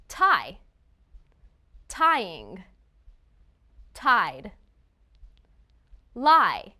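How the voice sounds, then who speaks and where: Female English teacher, slow and bright, reads a scripted lesson with deliberate word drills. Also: fairly high pitch.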